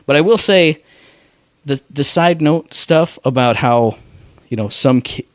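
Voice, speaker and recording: A man co-hosting a casual podcast, joking and mocking people in squeaky put-on voices. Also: a little slow, no room sound, clean studio sound. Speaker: podcast co-host. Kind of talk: casual chat.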